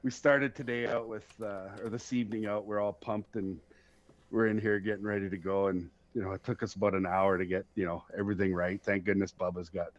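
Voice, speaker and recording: A man hosting a podcast, telling stories in a casual, profane, animated way and laughing at himself. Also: fairly low pitch, fairly quick. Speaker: podcast host. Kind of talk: casual storytelling chat. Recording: dull lo-fi sound.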